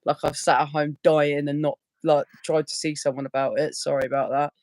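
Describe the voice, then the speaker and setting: A woman's voice: low voice, little pitch movement, brisk, a little mellow. A woman, hosting a casual live-stream chat in a blunt, sweary way and laughing easily. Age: 40s.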